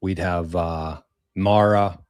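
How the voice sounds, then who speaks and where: Rambling low-voiced man chatting live. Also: steady tone, takes it slowly, darkish tone, dry recording, studio quality. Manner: rambling, repeats words, mild slang. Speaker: livestream host reading viewer tips. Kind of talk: casual live-stream chat.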